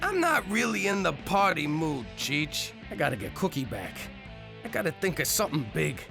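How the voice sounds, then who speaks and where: A man's voice: on the high side, sing-song, normal speed, creaky. An actor voicing a hapless young male mobster in an adult cartoon, whiny and self-pitying. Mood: mopey. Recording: cartoon dialogue over music.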